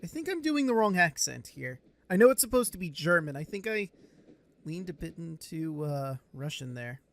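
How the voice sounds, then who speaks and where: A man's voice: a little high, sing-song, normal speed. A man casually commenting on a horror game he plays, with joking asides and blunt swearing. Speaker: let's play gamer. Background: game music.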